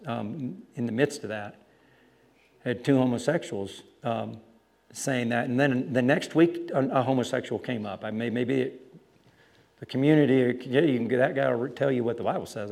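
A man preaching, telling a story about street preaching with lively, animated delivery and acted-out voices. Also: medium pitch, normal speed, creaky. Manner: animated storytelling, acting out other voices loudly. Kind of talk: sermon with storytelling.

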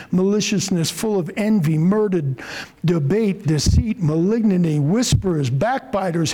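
A middle-aged man preaching a sermon as pastor, fervent and forceful at times, then slowing and softening. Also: high voice, poor audio. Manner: fervent, rising to forceful emphasis, then slow and soft.

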